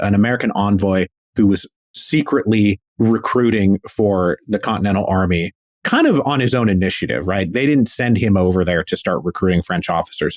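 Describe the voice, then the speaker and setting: Lively low-voiced man telling history. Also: no room sound. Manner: enthusiastic, slangy, acts out quotes. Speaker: guest historian. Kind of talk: casual storytelling interview.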